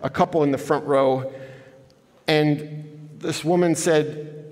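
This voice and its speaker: A man's voice: a little high, steady tone, slow, pauses often, darkish tone. A man giving an earnest inspirational talk as guest speaker in a church, telling stories to the audience. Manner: earnest, conversational storytelling addressing the audience. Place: large church hall. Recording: echoey church hall.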